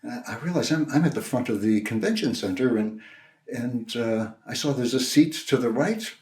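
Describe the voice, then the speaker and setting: An older man gives a sermon, telling a personal story in a gentle, conversational way with restarts. His voice sits at an ordinary pitch for a man. The room around him is roomy and echoey. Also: normal speed. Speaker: minister. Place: church sanctuary. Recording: roomy echo.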